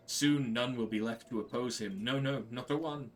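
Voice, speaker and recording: A man's voice: normal speed, far from the mic, soft background music, close to an everyday voice. A man voicing a small, fretful male kobold, reading game dialogue aloud in a repetitive, wailing, pleading way. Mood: gloomy. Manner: repetitive, wailing, pleading, pitch jumping high.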